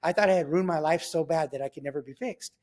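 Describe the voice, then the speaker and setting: A man telling his faith testimony in casual, animated storytelling, acting out what he and others said and checking in with the listener. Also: fairly high pitch, fast. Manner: animated, acts out his own quoted remarks. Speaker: guest sharing a faith testimony.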